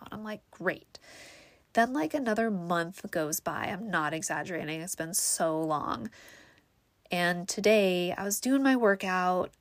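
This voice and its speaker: A woman's voice: mid-range voice, moderate pace, no echo. Chatty, exasperated woman telling a story. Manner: chatty, exasperated, quotes people in lively voices. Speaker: vlogger. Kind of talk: casual storytelling monologue.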